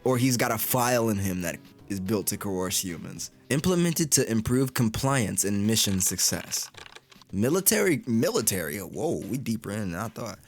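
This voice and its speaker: A man's voice: lowish voice, big pitch swings, moderate pace, soft background music. A man giving casual, joking commentary on a game playthrough, swearing freely and rambling as he reacts. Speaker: gaming content creator.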